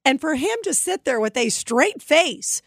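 A woman's voice: sits high, sing-song, measured pace, creaky, a bit bright, no room sound, clean studio sound. A woman giving emphatic, indignant political commentary. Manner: indignant, emphatic, mocking quotes. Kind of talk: opinion commentary.

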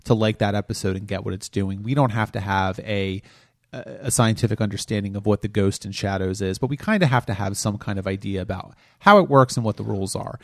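A man's voice: on the low side, fast talker, a bit bright, no echo, clean studio sound. A man co-hosting a podcast, talking through a critique in an exasperated, analytical way. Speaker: podcast co-host reviewing TV episodes. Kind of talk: casual critical chat.

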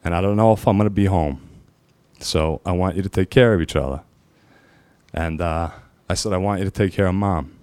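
A man telling his own story as a firefighter, halting and emotional, pausing often with fillers. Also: sits low, darkish tone, smooth, no echo. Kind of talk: personal storytelling.

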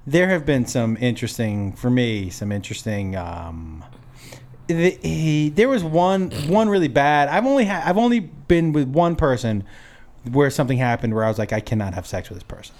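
A man's voice: mid-range voice, normal speed. A man telling a comic story in a casual chat, laughing often and acting out the quotes. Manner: animated, laughs through his stories, acts out quotes.

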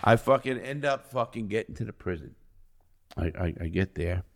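A middle-aged man from the United States, a podcast guest telling blunt, profane stories that swing between loud outbursts and quiet low asides. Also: expressive, moderate pace. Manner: profane, blunt, swears constantly. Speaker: podcast guest, ex-convict speaker. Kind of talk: candid storytelling in conversation.

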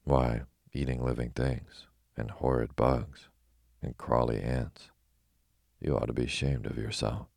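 A man reading a bedtime story voices a curious, earnest young country girl in a calm, sleepy manner. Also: very deep voice, unhurried, creaky, no room sound, clean studio sound, heavily acted.

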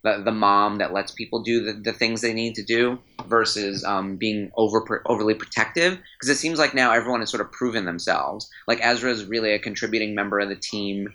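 A man chatting casually as a podcast guest, an animated, rambling fan who restarts his sentences. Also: on the low side, fairly quick, hardly any pauses, low-quality recording. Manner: animated, rambling, self-interrupting storyteller; enthusiastic fanboy. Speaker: trading card company guest.

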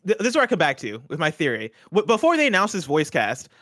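A man's voice: fairly high pitch, wildly swooping pitch, fast talker, bright, forceful tone, no room sound, clean studio sound. A man co-hosting a casual chat show, earnestly laying out a theory with many restarts. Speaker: show co-host.

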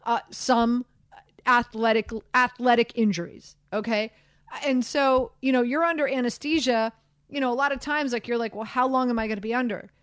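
A woman hosts a sports talk show, rambling and animated with plenty of fillers and asides. Her voice sits a little high and comes through a dry studio mic with no room sound. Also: moderate pace, clean tone, no echo. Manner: animated, chatty, self-deprecating, many fillers. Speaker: sports radio host. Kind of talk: casual sports talk chat.

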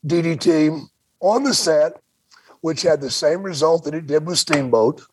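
A man's voice: a little high, normal speed, husky, no echo. An older man, a podcast host, telling a colorful, profane story and acting out the quotes of other people. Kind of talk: casual storytelling chat.

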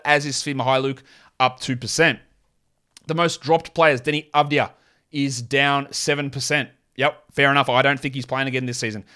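A man hosting a fantasy basketball podcast in a casual solo talk, with offhand asides and quick opinions. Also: medium pitch, fairly bright tone, smooth.

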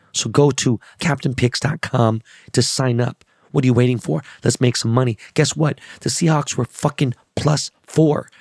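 A middle-aged man hosting a casual solo podcast, hoarse from losing his voice, talking in a loose, profane, hyped way with plugs and shout-outs. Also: medium pitch, dry recording, clean studio sound. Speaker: podcast host.

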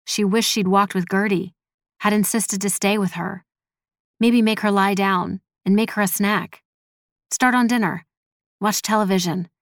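A woman narrating a dramatic story in a measured, expressive storytelling voice. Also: medium pitch, no echo, studio quality. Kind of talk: scripted audio drama narration.

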